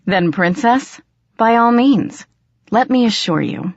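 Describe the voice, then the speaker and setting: A woman's voice: on the high side, lively intonation, slow, a little mellow, dry recording, voice pushed up, heavily acted. Woman voicing a sly trickster fairy boy. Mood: teasing. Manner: teasing, sly. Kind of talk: audiobook character reading. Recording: dry, slightly dull audio.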